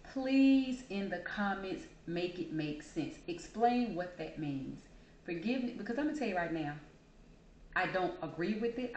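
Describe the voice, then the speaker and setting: A woman hosting her own vlog, giving her opinions in an emphatic, blunt and casual monologue. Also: on the low side. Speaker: vlogger host. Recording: echoey room with faint noise.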